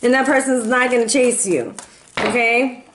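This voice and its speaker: A woman giving a casual, chatty tarot reading, playful and animated, who slips into quoted voices and bits of song. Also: a little high, normal speed, noisy background. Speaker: tarot reader.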